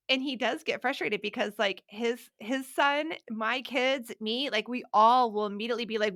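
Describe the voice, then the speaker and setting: Middle-aged woman, parenting podcast co-host; bright, forceful tone, loud and impassioned, runs off on tangents. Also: a little high, normal speed, hardly any pauses. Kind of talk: casual chat.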